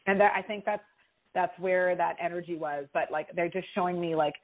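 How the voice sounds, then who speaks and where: A woman's voice: fairly low pitch, brisk. Emotional woman reading callers, phone sound. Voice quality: expressive, emotional, reassuring. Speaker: intuitive reader answering callers. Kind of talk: live call-in reading. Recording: tinny phone-line sound.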